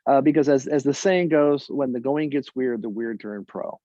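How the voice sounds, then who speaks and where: A man's voice: mid-range voice, mellow, no echo. A man tells a personal story to a live audience, dry and wry, often restarting his sentences. His voice sits in a middle range. The sound is dry and a little muffled. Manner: wry, halting delivery with many restarts. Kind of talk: personal story told on stage.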